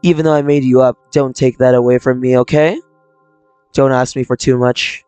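Man voicing troubled young person, visual novel reading, quiet confessional delivery, faint game music behind. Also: medium pitch, fairly even intonation, normal speed, smooth, dry recording, lightly acted. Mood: subdued. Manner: reading game lines aloud, subdued and confessional. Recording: dry close mic, faint game music.

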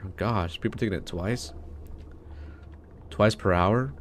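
A man commenting on a video game as he plays, chatty and excitable, laughing often and reading in-game text aloud. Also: low-pitched, measured pace, long pauses. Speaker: let's play host. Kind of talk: gaming commentary.

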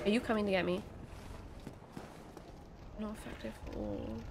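Young woman, unhurried and chatty, voicing her reactions and talking to the enemies she fights. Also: on the high side, sing-song, a little hiss or hum. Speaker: gaming video creator. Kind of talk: let's play commentary.

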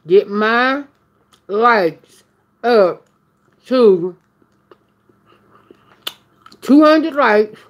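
Woman, live-stream vlogger, chatty, lively up-and-down pitch, unhurried. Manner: chatty, talks straight to viewers. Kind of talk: casual live-stream chat while eating.

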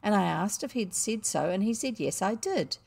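Woman reading as a bold scheming schoolboy, cheeky, shouts to his gang, storybook voice. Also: medium pitch, expressive, moderate pace, vocal fry. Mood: innocent.

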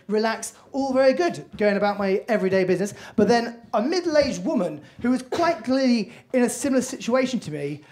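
Young man doing stand-up on stage. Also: high-pitched. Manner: animated storytelling, acted-out voices. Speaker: stand-up comedian. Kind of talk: stand-up comedy set. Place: comedy club stage.

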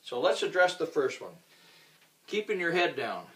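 A man's voice: fairly high pitch, big pitch swings, moderate pace, fairly bright tone. Joking golf instructor man in an echoey room. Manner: casual and joking, acts out scenes while swinging. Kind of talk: instructional talk with demonstration. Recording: roomy sound from a distant mic.

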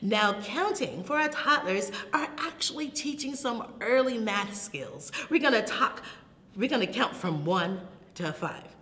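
A woman librarian leads toddler storytime, her voice swooping up and down in a lively sing-song with delighted gasps and hushed asides. She talks at an unhurried pace. The recording has a long reverb tail and a faint low rumble behind it. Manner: slow, animated, sing-song, with delighted gasps and soft whispers. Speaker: children's librarian. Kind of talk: toddler storytime with rhymes and songs.

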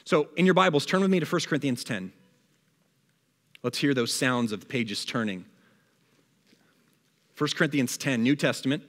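A man's voice: mid-range voice, moderate pace, pauses often. Man preaching in a reverberant church. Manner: lively preaching, reads scripture aloud, acts out complaints. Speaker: pastor. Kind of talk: sermon. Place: church hall.

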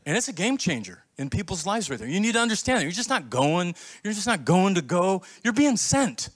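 Animated man preaching a sermon. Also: sits high, a little fast. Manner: animated storytelling, acts out quoted voices; emphatic, rising to near shouts. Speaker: pastor.

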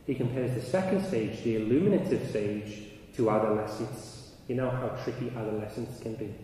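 A man speaking at a conference, his voice rising and growing loud as he tells a story. He is recorded from a distance in a large hall with a long, ringing echo. Steady noise sits under his voice. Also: mid-range voice, moderate pace. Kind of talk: conference talk. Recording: echoey hall, mic from afar, noisy.

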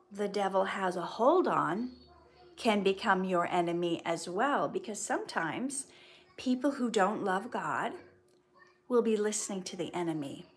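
Chatty woman answering viewer comments. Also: mid-range voice. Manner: earnest, faith-based advice mixed with light laughs. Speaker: actress answering viewer questions. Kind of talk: casual livestream Q&A.

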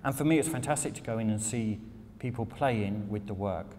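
A man's voice: on the low side, brisk, a little mellow. A British man giving a lecture talk about his craft, candid and irreverent, swearing casually. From England. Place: lecture hall. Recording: long hall reverb, faint noise.

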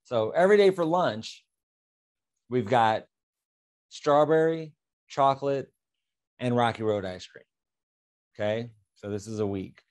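A man presents a lesson through a playful, drawn-out story, voicing both sides of an imagined conversation. He leans on repetition for emphasis and keeps his delivery animated, with an ordinary mid-pitched voice. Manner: emphatic, repeats phrases. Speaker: presenter on fair housing. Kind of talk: illustrative talk with a story.

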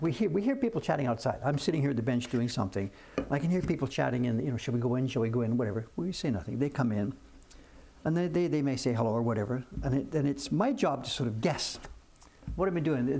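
A man's voice: mid-range voice, vocal fry, a little mellow, husky. An older man from Canada chatting casually on a live stream from his print shop bench, telling rambling stories full of restarts and asides. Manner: chatty storyteller, many restarts and "whatever".

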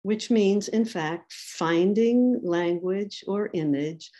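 Slow-paced woman giving an academic lecture. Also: mid-range voice, dark tone. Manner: wry asides while quoting thinkers. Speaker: symposium speaker.

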